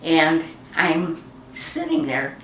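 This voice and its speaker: A woman's voice: low voice, sing-song, very slow, fairly bright tone, a little hiss or hum. An older woman being interviewed, chatting about old memories and acting out the voices in her stories. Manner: chatty, acts out quoted voices. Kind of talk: reminiscing storytelling. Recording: roomy echo.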